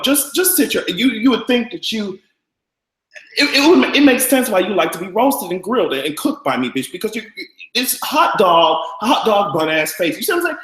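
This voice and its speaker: A vlogger hosts a live-stream gossip show, brash, profane and camp, with loud cackling laughs. His voice sits high, and the audio is poor, with an echoey room.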